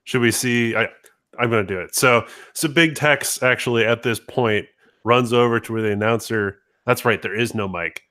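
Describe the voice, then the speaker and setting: Player, man, mid-pitched, eager and thinking out loud. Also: moderate pace. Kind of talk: casual tabletop game play.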